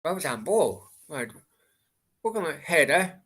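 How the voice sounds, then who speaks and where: A man's voice: a little high, big pitch swings, a little slow, fairly bright tone. A young man streaming a football watchalong, blunt and swearing at players while chatting with his viewers. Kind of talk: live match commentary and chat with viewers.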